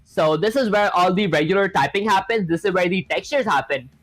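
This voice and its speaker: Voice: mid-range voice, a little fast, fairly bright tone. Chatty live-coding streamer over faint music. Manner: chatty, filler-heavy, self-deprecating, addresses chat as "guys". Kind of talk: casual coding livestream, chatting with viewers.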